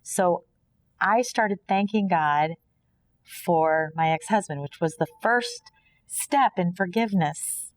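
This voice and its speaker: Earnest lower-voiced woman sharing testimony. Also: takes it slowly. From Kansas, USA. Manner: earnest, preachy, often voices imagined dialogue. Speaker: podcast guest. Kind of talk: personal faith testimony in conversation.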